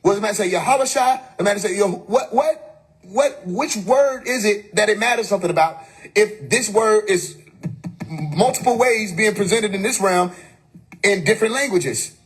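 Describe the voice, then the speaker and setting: Husky high-voiced man preaching emphatically. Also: brisk. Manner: preachy, emphatic, rhetorical questions, profane. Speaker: live stream host. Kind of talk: spiritual teaching monologue. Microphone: phone.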